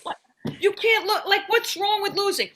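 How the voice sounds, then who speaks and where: A woman's voice: very high voice, normal speed, fairly bright tone, slight background noise. A middle-aged woman performing a stand-up comedy set, wry and self-deprecating, slipping into quoted voices.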